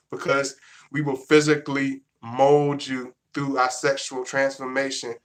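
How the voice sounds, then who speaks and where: A man's voice: mid-range voice, little pitch movement, moderate pace, a bit bright. A man, talking casually to his viewers in a rambling, repetitive way that keeps restarting sentences. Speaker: vlogger. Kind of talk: casual monologue to camera.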